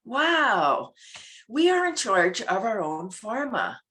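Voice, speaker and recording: A woman, a laughter yoga teacher, talking as an interview guest in an animated way, laughing often and making playful sound effects. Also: medium pitch, slow pace.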